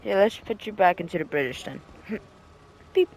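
His high voice is animated and his speed normal. The host of a goofy game roleplay, he narrates casually, cracking jokes, laughing and apologizing to his robot sidekick.

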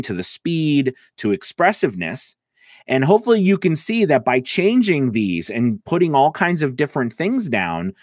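A man giving a casual voice-over lesson, talking into a close mic and filling pauses with "all right" and "okay". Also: medium pitch, no room sound. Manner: chatty, lots of "all right" and "okay" fillers. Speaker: voice-over coach. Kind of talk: casual tutorial talk. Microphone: close mic, about six inches away.

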